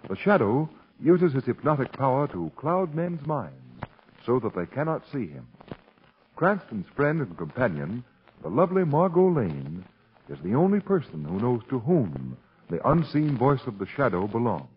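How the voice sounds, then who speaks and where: A man's voice: mid-range voice, big pitch swings, moderate pace, breathy edge. A man announcing and introducing a 1930s radio drama in a formal, dramatic manner. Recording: dull old radio broadcast with music.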